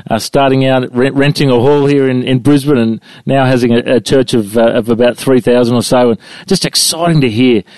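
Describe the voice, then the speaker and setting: Enthusiastic interview host. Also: male voice, mid-range voice, fairly quick, hardly any pauses, darkish tone, dry recording. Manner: enthusiastic, frequent filler restarts. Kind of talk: interview introduction.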